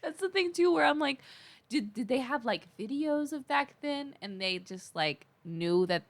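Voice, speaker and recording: A woman's voice: sits high, animated, moderate pace. Gushing, slangy woman podcaster. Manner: gushing, filler-heavy, slangy. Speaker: podcast co-host. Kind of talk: casual podcast chat.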